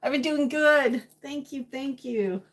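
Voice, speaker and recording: High-voiced, unhurried woman chatting while cooking. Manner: chatty, thinks aloud, hums to herself. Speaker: home cooking vlogger. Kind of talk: casual chat while cooking, reading viewer comments.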